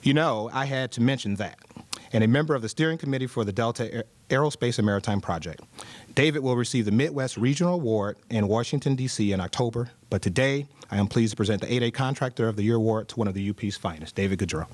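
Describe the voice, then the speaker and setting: A man gives an award presentation at a summit, reading his prepared remarks in an upbeat way with the odd aside. His voice sits at an ordinary pitch. The sound is dry and close. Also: fast, a little mellow, dry recording. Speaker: government official presenting an award. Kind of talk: formal award speech. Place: conference hall.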